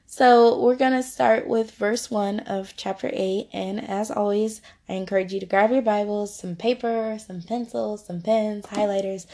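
A woman with a medium-pitched, slightly mellow voice hosts a podcast Bible study, teaching in a casual devotional style. She's chatty and informal and laughs easily.

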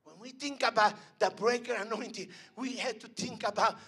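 A man preaching a sermon at an evening church service, swinging between loud emphatic calls and hushed lines. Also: very high voice, moderate pace, slightly rough.

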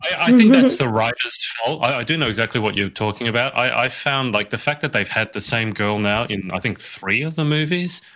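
A man's voice: medium pitch, very animated, fairly quick, hardly any pauses, fairly bright tone. An Australian man hosting a podcast, chatty and self-deprecating, often restarting his sentences. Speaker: podcast host. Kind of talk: casual chat.

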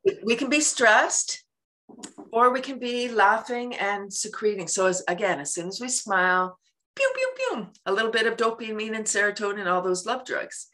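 A woman's voice: mid-range voice, fairly even intonation, moderate pace, sharp tone. A woman guest talking about laughter yoga in an interview, acting out everyday scenes and laughing often. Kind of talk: casual interview talk.

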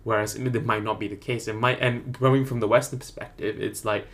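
A man's voice: fairly low pitch, little pitch movement, fairly quick, a bit bright. A man in casual chat about a book, rambling and full of filler words. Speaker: podcast co-host discussing a book.

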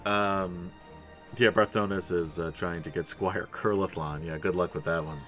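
A man's voice: low voice, fairly even intonation, normal speed, fairly bright tone, faint music behind. A man running a tabletop role-playing game over voice chat, narrating loosely and laughing often. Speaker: game master.

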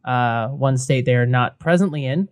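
A man's voice: medium pitch, normal speed. A young man co-hosting a casual beer podcast, chatty and laughing often. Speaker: podcast co-host. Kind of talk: casual beer review chat.

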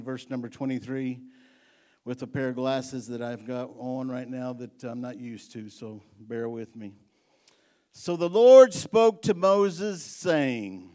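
A male pastor giving a midweek sermon in a church, chatting folksily between readings and rising to fervent preaching. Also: medium pitch. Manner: rises to fervent, loud preaching when reading and praying. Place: church sanctuary.

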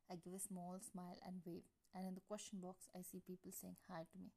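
A woman's voice: fairly low pitch, flat delivery, a little fast, dark tone. A woman reading fan fiction aloud in the first person, casual, with small slips and restarts. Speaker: reader.

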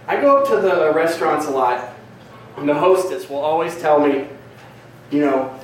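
A man's voice: on the high side, expressive, normal speed, a little hiss or hum. A man doing a crude, rambling, self-mocking stand-up comedy set on a club stage. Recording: echoey live club recording from a distance.

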